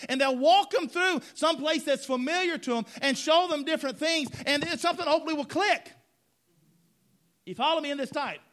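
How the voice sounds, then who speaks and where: A man's voice: extremely high pitch, fairly quick, fairly bright tone. A man preaching a sermon in church, emphatic, repeating phrases and asking the congregation if they follow.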